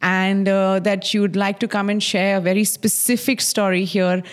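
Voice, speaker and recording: A woman's voice: medium pitch, flat delivery, moderate pace. A woman who hosts the show and works in radio, asking short, curious questions in a casual interview. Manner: brief prompts and curious follow-up questions. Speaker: podcast and radio host.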